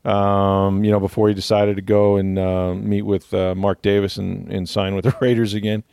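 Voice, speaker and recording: A man's voice: on the low side, little pitch movement, normal speed, gravelly, darkish tone, clear, resonant tone, no room sound, clean studio sound. A man hosting a sports podcast, chatting casually and rambling with fillers and easy laughs. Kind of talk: casual chat.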